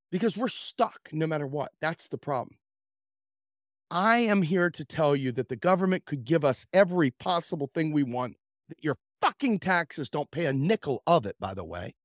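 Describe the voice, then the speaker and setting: A man's voice: dry recording, studio quality. Fiery, foul-mouthed male podcast host. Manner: impassioned, profane, sarcastic; swings from loud outbursts to low mutters. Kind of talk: political commentary rant.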